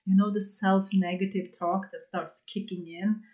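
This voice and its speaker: A woman's voice: mid-range voice, fairly even intonation, moderate pace, warm tone. A woman hosting her own astrology podcast, talking in a raw, confessional way with many fillers and bursts of laughter, English not her first language. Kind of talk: candid solo podcast monologue.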